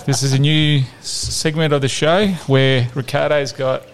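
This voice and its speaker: A man hosting a football podcast, chatting casually and launching into animated comic rants full of "mate". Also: mid-range voice, moderate pace, noisy background. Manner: animated, ranting, peppered with "mate". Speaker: podcast host.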